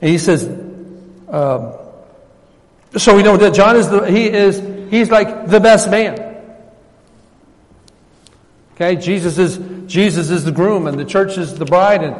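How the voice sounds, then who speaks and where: Pastor, man, high-pitched, folksy conversational sermon, long church reverb. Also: measured pace, long pauses. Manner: folksy, conversational preaching with retold dialogue.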